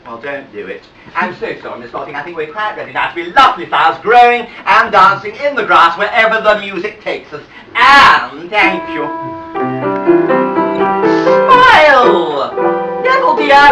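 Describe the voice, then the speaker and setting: A man's voice: high voice, big pitch swings, unhurried, voice pushed up. A man playing a genteel, middle-aged English nursery teacher woman, coaxing and scolding small children in a prim, sing-song way, live on a pub stage. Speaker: cabaret performer. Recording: roomy live sound from a distance with piano.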